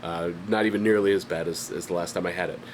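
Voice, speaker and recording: Heavy background noise surrounds a low, fairly even, fast-talking male voice. In his home studio, an independent artist who hosts his own channel rambles through a casual vlog update about his art business. Stuffy and lightly coughing, he puts himself down and keeps restarting amid plenty of fillers.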